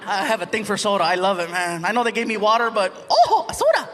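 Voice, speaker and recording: A man performing a stand-up comedy set before a live audience, animated and acting out quotes. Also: sits high, fast talker, a loud crowd. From United States. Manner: animated, acts out voices and quotes. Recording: live audience laughter, background noise.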